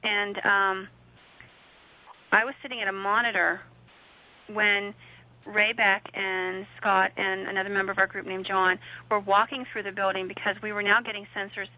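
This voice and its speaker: A woman's voice: mid-range voice, flat delivery, moderate pace, sharp tone. A woman guest recounting a paranormal investigation in conversation, with vivid, suspenseful storytelling. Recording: dull lo-fi audio.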